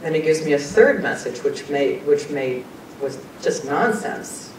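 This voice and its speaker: A woman's voice: expressive, unhurried. A woman giving a talk and telling a personal story in an earnest, conversational way, sometimes emotional. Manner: earnest, conversational, often laughs and quotes people. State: emotional, choking up at times. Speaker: guest speaker sharing personal experiences. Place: meeting room at a talk. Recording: far-off echoey room with rumble.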